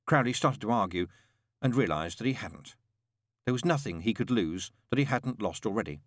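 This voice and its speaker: A man narrating an audiobook in a dry, measured storytelling manner. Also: fairly low pitch, animated, no room sound.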